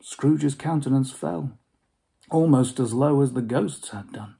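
A man giving a dramatic storybook reading, expressive and dropping to hushed whispers for suspense. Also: medium pitch, a little slow, vocal fry, breathy edge.

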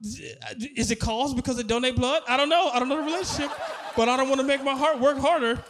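A man's voice: very high-pitched, fast, background noise. A man performing a stand-up comedy set, telling stories and acting out both sides of conversations, often laughing at his own jokes.

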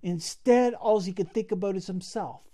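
Guy giving a sermon, warm mellow voice, earnest and emphatic, repeats himself for effect. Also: sits high, normal speed. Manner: earnest, emphatic preaching with frequent repetition. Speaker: preacher.

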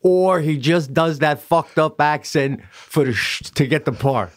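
Man, fairly high voice, podcast co-host, animated storyteller, swears a lot, laughs easily. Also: a little slow. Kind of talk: casual chat, storytelling.

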